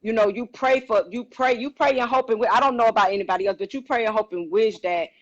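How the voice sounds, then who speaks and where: A woman's voice: fairly high pitch, fast talker, muffled recording. A middle-aged woman co-hosting a podcast, telling a story in casual chat and acting out the quotes. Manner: animated, acts out quotes, exclaims. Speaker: podcast co-host.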